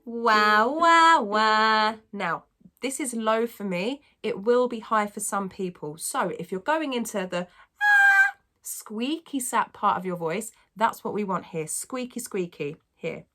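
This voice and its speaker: A woman vocal coach teaching a singing lesson, explaining technique and demonstrating squeaky sung vowels. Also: moderate pace, a bit bright, faint music behind.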